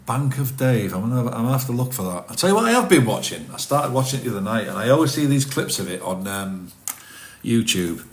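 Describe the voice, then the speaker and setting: A man's voice: medium pitch, very animated, fast talker. A middle-aged man, chatting casually on a livestream and answering viewers' comments as he rambles. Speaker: livestream host reading chat. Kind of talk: casual live chat.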